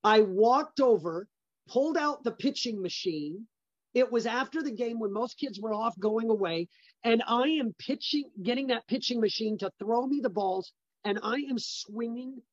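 A man's voice: extremely high pitch, expressive, normal speed, dry recording, lo-fi sound. A middle-aged man, a business founder, telling personal stories as an interview guest, stressing points by repeating words.

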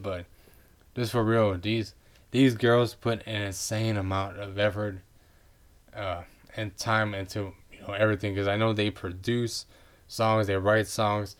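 Gushing, rambling male podcast host. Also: fairly low pitch. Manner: gushing, rambling with many fillers and restarts. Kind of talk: casual fan review chat.

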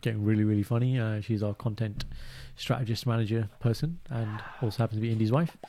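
A man co-hosting a casual podcast chat, animated and laughing, often mimicking others in high voices. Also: quick pace, slight background noise. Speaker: podcast co-host.

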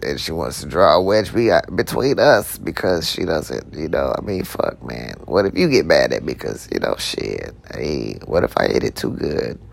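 A man's voice: very deep voice, big pitch swings, normal speed, vocal fry, hardly any pauses. A man rambling casually through personal stories, slangy and profane, with many repeated words and restarts. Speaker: podcast host. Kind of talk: casual storytelling monologue.

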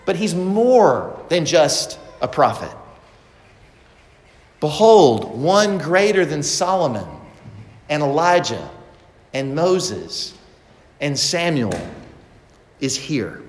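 A man's voice: on the high side, roomy sound, big-room sound. A man preaching a sermon as pastor, asking the congregation rhetorical questions.

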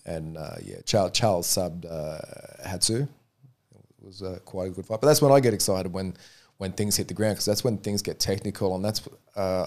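A man's voice: low voice, darkish tone. A man, a referee guest talking frankly and easily, often repeating words as he thinks. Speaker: MMA referee, interview guest. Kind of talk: casual interview chat.

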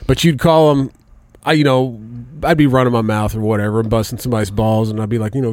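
A man's voice: mid-range voice, fast talker, few pauses, a little mellow, no echo. A man in casual podcast chat, telling crude stories with swearing and laughter.

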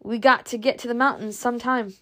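A woman's voice: a little high, steady tone, brisk, sharp tone. A woman voicing an impatient, rain-soaked army sergeant who barks brusque orders.

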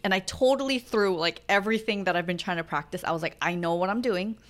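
A woman's voice: medium pitch, quick pace, fairly bright tone. A young adult woman, a podcast co-host, telling candid family stories in casual chat and acting out the quotes as she goes. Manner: candid, chatty storytelling with acted-out quotes.

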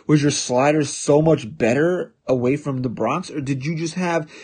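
A man's voice: on the high side, a little mellow. Combative man ranting about sports. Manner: combative and sarcastic, jabbing questions. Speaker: podcast host. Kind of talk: sports opinion podcast rant.

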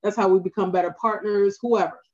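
A woman's voice: mid-range voice, steady tone, fairly quick, a little mellow, dull audio. A woman photographer with a Baltimore accent giving earnest, practical advice in a casual podcast interview, often checking in with "right?". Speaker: photographer guest.

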